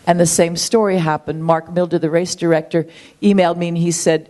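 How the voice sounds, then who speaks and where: A woman's voice: on the low side, level tone, a little fast, dark tone. A woman in her sixties, a guest and marathon runner, talking in a chatty, enthusiastic way with many ums and restarts in an interview at a runners' event. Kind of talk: conversational interview.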